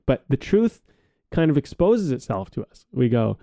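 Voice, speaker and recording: A man's voice: mid-range voice, big pitch swings, normal speed, gravelly, dark tone, dry recording. A man co-hosting a podcast in casual conversation, reflective and rambling, swearing now and then. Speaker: podcast co-host.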